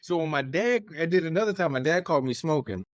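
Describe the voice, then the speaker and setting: Young guy on a podcast telling a story, aave, laughing, kinda high voice, dry close mic. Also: fast talker, dry recording. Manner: animated, laughs while telling stories, acts out quoted voices. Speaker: podcast co-host. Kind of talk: casual storytelling.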